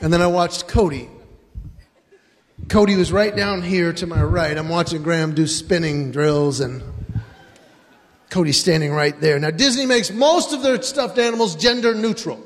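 A man's voice: a little high, normal speed, long reverb tail. A man doing stand-up comedy before a live audience, animatedly telling family stories.

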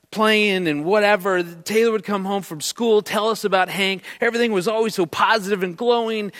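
A man giving a talk on marriage to a live audience, telling a family story and acting out the voices in it. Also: high-pitched. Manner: animated, jokey, acts out his daughter's lines. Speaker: marriage speaker. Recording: long hall reverb.

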